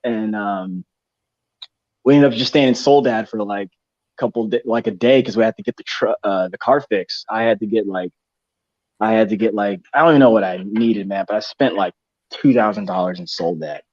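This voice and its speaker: A young man from Texas, co-hosting a podcast, spins a long, slangy story in casual chat, restarting often and leaning on fillers. He speaks a little fast in a lowish, slightly mellow voice. The studio sound is dull and dry, with no room sound.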